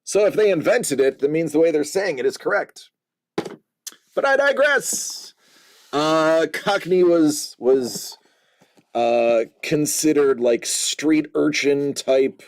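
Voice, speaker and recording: Slow, gravelly host. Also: male voice, a little high, lively intonation, a little hiss or hum. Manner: rambling, joking, lots of filler pauses. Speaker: card-break host. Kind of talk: casual livestream chat.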